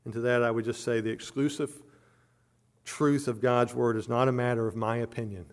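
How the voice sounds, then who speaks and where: A man's voice: little pitch movement, a little fast. Earnest male preacher, emphatic. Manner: earnest preaching with frequent word repetitions and restarts; rises in pitch and volume on emphatic points. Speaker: pastor. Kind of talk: sermon.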